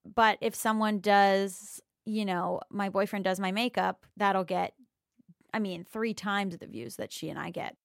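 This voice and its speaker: A woman's voice: mid-range voice, steady tone, measured pace, gravelly, no room sound, clean studio sound. Frank, profane woman YouTuber. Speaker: YouTuber interviewee. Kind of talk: candid interview.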